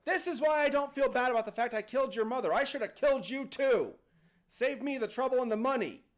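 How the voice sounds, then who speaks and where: A man voicing a cruel, violent father who snarls and yells abuse. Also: extremely high pitch, brisk, voice pushed up. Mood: furious. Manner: snarling, yelling, abusive.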